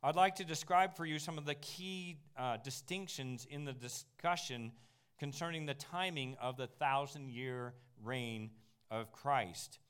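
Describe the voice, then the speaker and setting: Animated preacher man, smooth voice. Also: mid-range voice. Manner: animated, with emphatic slowed key phrases and asides to the room. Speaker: pastor teaching a Bible class. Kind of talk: sermon-style Bible teaching.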